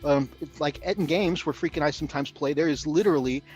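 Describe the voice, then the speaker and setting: A talkative man co-hosts a casual hobby livestream, his voice sitting a little high for a man. He laughs easily and tosses in quick asides. Faint music plays underneath. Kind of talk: casual chat.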